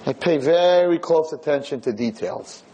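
A man's voice: a little high, expressive, moderate pace, warm tone, slight background noise, lightly acted, rough recording. A man voicing a friendly, upbeat old man in a nursing home who coaxes his roommate. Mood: coaxing. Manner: eager, friendly, coaxing.

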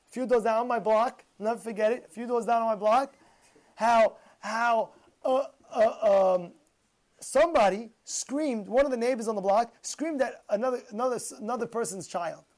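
Male Torah teacher, casual sermon; high voice, animated storyteller who hammers points by repetition. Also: normal speed. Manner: animated, repeats phrases for emphasis.

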